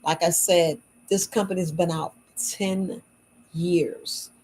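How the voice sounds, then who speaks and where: A tired, worn-out woman chatting late at night in a low voice. She talks casually to her viewers as a shop owner, repeating words for emphasis in folksy phrasing. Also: fairly even intonation, takes it slowly, a little mellow, a little hiss or hum, rough recording. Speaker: herbal shop owner selling wellness patches. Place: at home at night.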